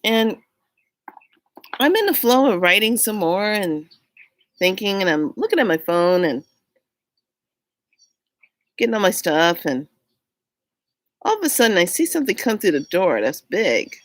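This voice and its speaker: A woman telling a personal story in a casual, animated way, often laughing and acting out what people said. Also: mid-range voice, unhurried, long pauses, dry recording, low-quality recording. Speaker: vlogger.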